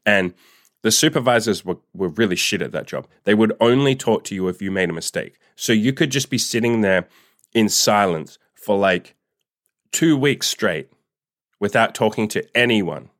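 Deep-voiced man in a candid, profane chat. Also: lively intonation, normal speed, fairly bright tone, dry recording, studio quality. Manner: candid and profane, heavy use of "like". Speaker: vlogger. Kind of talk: casual storytime monologue.

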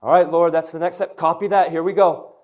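A young man preaching a lively sermon to young people, telling stories and calling on the crowd to answer. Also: on the high side, fairly quick. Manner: energetic, storytelling, call-and-response. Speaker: youth pastor.

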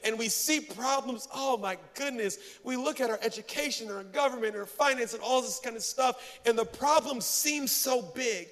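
A male pastor giving a sermon, telling stories in a lively way and poking fun at himself. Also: very high-pitched, normal speed, hardly any pauses, big-room sound. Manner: animated storytelling, self-mocking humor.

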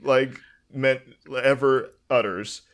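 A man's voice: mid-range voice, fairly even intonation, slow. A man on a casual podcast panel, amused and chuckling often.

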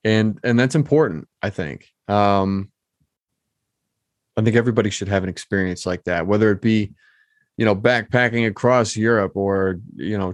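A man's voice: on the low side, no room sound. A man from Michigan hosting his own podcast, talking on in a loose, rambling way with many ums and restarts. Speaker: podcast host. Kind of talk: casual solo podcast monologue.

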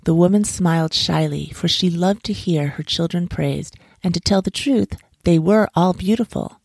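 A woman reads a children's folk tale aloud in a measured, expressive way. Her voice is low and gravelly. It is recorded close and dry, with no room sound. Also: no room sound. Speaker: storyteller. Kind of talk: storybook narration.

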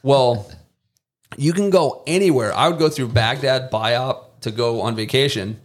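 Podcast guest, male, mid-pitched, laid-back storyteller who imitates the people in his stories. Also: unhurried. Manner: lively anecdotes, mimics people he quotes, casual swearing. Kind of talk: casual storytelling.

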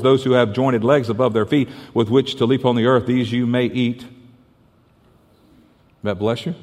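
Preaching man in a reverberant hall. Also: medium pitch. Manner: storytelling, stammering restarts, playful asides. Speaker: pastor. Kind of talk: sermon.

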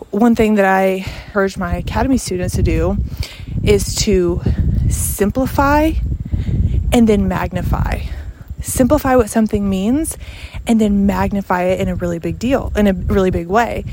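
A woman's voice: medium pitch, darkish tone, a little hiss or hum. A woman hosts a podcast and talks on her own in an easy, conversational way. Her voice sits in an ordinary middle range. She leans hard on the words she cares about and fills her talk with "like" and "you know". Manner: earnest, emphatic, conversational with frequent "like" and "you know". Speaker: podcast host and sales coach. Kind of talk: casual podcast monologue.

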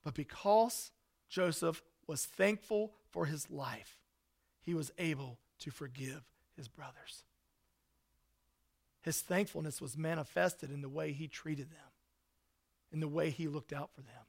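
Gravelly-voiced preaching man. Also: a little high, a little slow. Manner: earnest, preacherly, swings from loud emphasis to soft hushed lines. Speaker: pastor. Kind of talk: sermon.

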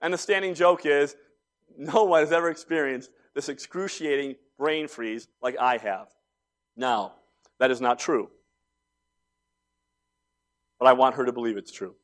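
A man's voice: medium pitch, measured pace, pauses often. A man in his forties preaching a sermon, telling stories conversationally and building to emphatic points. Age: 40s. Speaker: pastor.

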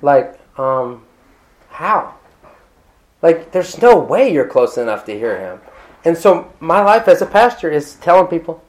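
A man's voice: sits high, big pitch swings, normal speed. A man preaching a sermon as pastor of his church, talking casually with asides and acting out little quoted exchanges. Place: church hall with congregation.

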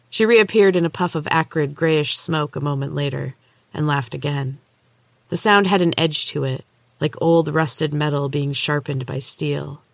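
A woman podcast host narrating a novel chapter aloud in a steady, measured way. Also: low voice, gravelly, no echo. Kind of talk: storybook narration.

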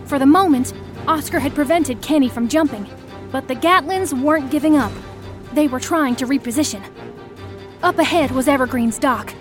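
A woman narrating a first-person audio story, expressive, acting out the shouted lines. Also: sits high, normal speed, over music.

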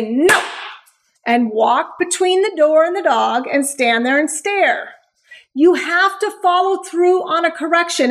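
A woman giving a blunt, animated talk as a dog trainer hosting a show, laughing often. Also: sits high. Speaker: dog trainer and podcast host. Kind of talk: instructional talk.

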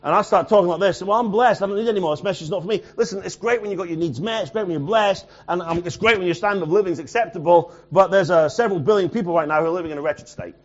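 A man preaching a sermon as a pastor, swinging from loud urgent lines to quiet near-mutters. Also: sits high, lo-fi sound.

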